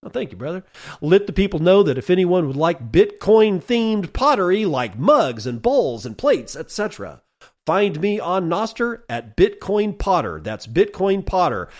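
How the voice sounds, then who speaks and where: A man's voice: sits high, very animated, a little slow, a little mellow. Blunt, swearing male podcast host. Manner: casual, blunt, swears while ranting; reads listener messages and figures aloud. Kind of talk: solo podcast commentary.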